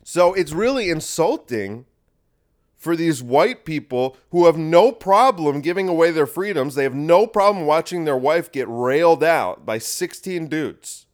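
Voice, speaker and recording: A man hosts a podcast in a casual monologue, his slightly high voice lively in intonation and moving at normal speed with few pauses. He rambles in a crude, sarcastic way and restarts often.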